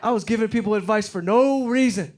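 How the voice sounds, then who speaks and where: A man's voice: high-pitched, fairly quick, background noise. A man in his forties from Detroit doing a brash, profane stand-up set on a club stage, acting out the people in his stories. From Detroit, USA. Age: 40s. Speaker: stand-up comedian. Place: comedy club stage before a live audience. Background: audience laughter.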